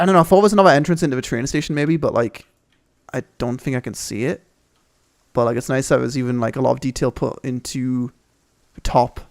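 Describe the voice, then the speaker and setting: This young gaming host wanders a game map while giving hyped-up, rambling commentary peppered with swearing. His voice is medium in pitch with some vocal fry.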